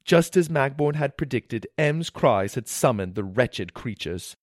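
A man tells a storybook adventure with lively, dramatic delivery, mouthing the sound effects himself. His voice sits at an ordinary pitch, and the recording is close and dry. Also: a little slow, dry recording. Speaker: narrator. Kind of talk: scripted storybook narration.

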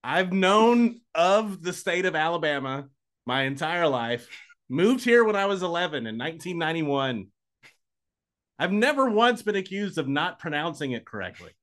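A man in his forties, a play-by-play announcer co-hosting a sports podcast in casual, dry, self-mocking chat, quick to laugh. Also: on the high side, sing-song, a bit bright.

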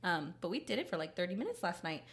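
A woman's voice: on the low side, very animated, fast. A young woman co-hosting a podcast, chatting casually and animatedly, laughing often as she tells a family story. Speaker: podcast co-host. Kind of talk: casual chat.

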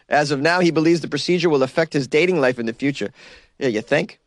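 A man's voice: a little high, a little fast, dry recording. A man hosting a podcast, giving loose comedic commentary, laughing often and mocking quotes in silly voices. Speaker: podcast host.

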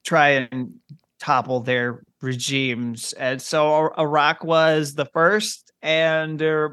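Measured man, guest author. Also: fairly high pitch, level tone, a bit bright, clear, resonant tone, dry recording, clean studio sound. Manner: measured, restarts often. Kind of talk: conversational interview.

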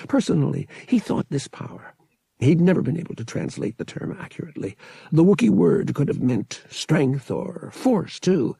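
A man reading an audiobook in steady, measured narration. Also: lowish voice, vocal fry, slightly rough, no room sound.

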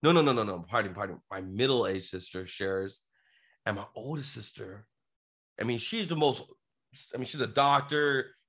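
A man's voice: mid-range voice, expressive, moderate pace, fairly bright tone. Man, middle-aged, podcast guest; earnest casual storyteller, rambling.

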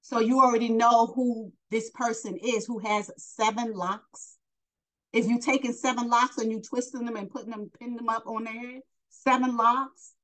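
A woman's voice: mid-range voice, low-quality recording. Blunt woman from New York teaching scripture. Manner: reads scripture then retells it in blunt everyday slang; asks questions to the listener and answers them herself. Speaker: Bible teacher. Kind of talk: verse-by-verse Bible lesson.

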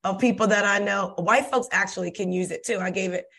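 A woman's voice: medium pitch, gravelly, fairly bright tone. A middle-aged woman in casual conversation on a podcast, telling reflective stories in a chatty way. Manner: chatty, quick bursts of reflective storytelling. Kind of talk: casual chat.

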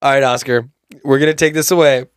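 A man's voice: medium pitch, fairly even intonation, quick pace, clear, resonant tone, dry recording, studio quality. A man co-hosting a podcast in casual chat, apologetic and laughing. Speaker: podcast co-host.

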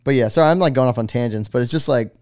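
A man's voice: medium pitch, rapid-fire, darkish tone, no room sound, studio quality. A man in his forties from the United States, a guest on a casual interview podcast, telling stories in a rambling, laid-back way full of fillers. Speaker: guest, pro BMX rider.

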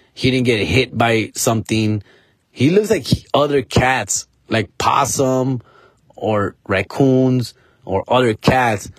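A man's voice: medium pitch, dry recording. A man, hosting a podcast and telling a story casually, dropping Spanish phrases and calling the listener "fool" and "dog". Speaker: podcast host.

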